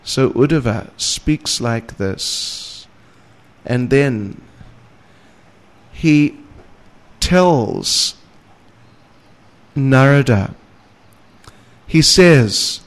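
Slow, measured male scripture teacher. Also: medium pitch, lively intonation. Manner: measured, reads verses with rising emphasis, light chuckles. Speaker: spiritual teacher. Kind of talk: scriptural lecture.

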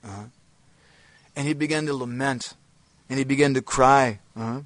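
A man's voice: medium pitch, moderate pace, long pauses, a bit bright, no room sound. A man giving a devotional lecture, telling a story with frequent hesitations and self-affirming "uh-huh"s. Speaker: religious speaker.

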